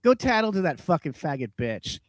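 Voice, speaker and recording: A man hosting a comedy podcast, ranting and swearing, his voice swinging between loud outbursts and low mutters. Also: sing-song, a little fast, no echo. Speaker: podcast host. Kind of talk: profane comedic rant.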